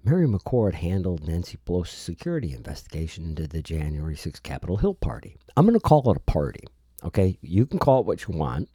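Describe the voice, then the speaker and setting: Low, husky-voiced man, sarcastic and emphatic. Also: very animated, fast, warm tone, no room sound, studio quality. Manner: sarcastic, emphatic, rambling with frequent restarts. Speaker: political commentator. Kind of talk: solo political commentary monologue.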